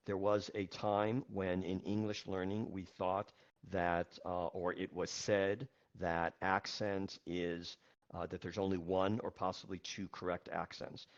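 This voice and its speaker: Deep voiced guy teaching english online, slow n patient, lots of ums, kinda muffled call audio. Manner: patient, measured, many fillers. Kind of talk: live online class.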